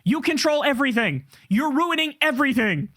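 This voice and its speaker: A man's voice: very high-pitched, expressive, fairly quick, fairly bright tone. A man hosting a political show, ranting angrily with heavy swearing. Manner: heated, profane, ranting. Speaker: political commentator host. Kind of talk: angry political rant.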